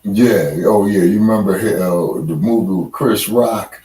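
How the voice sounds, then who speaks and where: A man co-hosting a casual podcast chat, talking in a laid-back, drawn-out way. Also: fairly low pitch, warm tone, roomy sound, far from the mic, rough recording. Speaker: podcast co-host.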